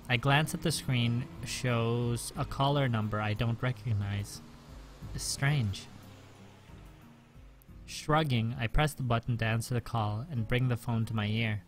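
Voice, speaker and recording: Let's-play host reading narration, measured and even, mid-pitched male voice. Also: soft background music. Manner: steady, measured first-person reading. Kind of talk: reading a visual novel aloud.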